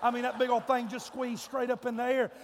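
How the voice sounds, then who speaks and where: A man preaching a sermon, telling a comic family story in a folksy way, his voice rising to shouts and drawing out words for emphasis. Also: extremely high pitch, flat delivery, fairly quick. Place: church sanctuary. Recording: long hall reverb.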